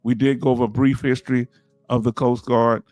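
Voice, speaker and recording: A man with a Southern US accent hosts a relaxed livestream, reading out comments from viewers and laughing often in a loose, conversational style. Though his medium-pitched, slightly mellow voice is fairly quick, the delivery itself stays flat. The recording is dry, with soft music in the background.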